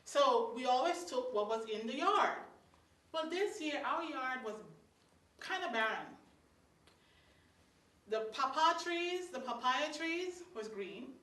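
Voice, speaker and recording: Guyanese woman storyteller, animated and bright, heard from afar in a roomy hall. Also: sits high, takes it slowly, pauses often. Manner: animated, acts out scenes, laughs. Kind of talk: live storytelling to an audience. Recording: roomy hall, mic far off.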